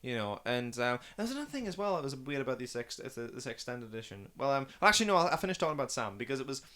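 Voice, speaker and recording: A man's voice: medium pitch, big pitch swings, fast talker, pushed and bright. A man in a casual podcast chat, talking about a film with rambling, enthusiastic gushing. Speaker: film review podcast guest watching for the first time.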